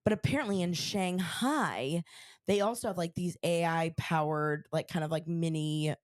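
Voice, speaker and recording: A woman co-hosting a podcast, chatting casually and stringing her thoughts together with constant "like"s. Her voice sits low for a woman, and the recording is dry and close. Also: moderate pace, dry recording. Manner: chatty, many "like" fillers, animated retelling. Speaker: podcast co-host. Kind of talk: casual chat.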